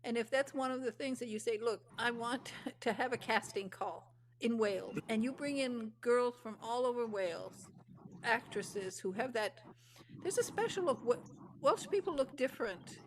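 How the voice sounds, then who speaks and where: A woman's voice: a little high, normal speed, slight background noise. A woman hosting an interview, talking in an emphatic, opinionated way with frequent restarts. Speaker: host. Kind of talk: casual interview chat.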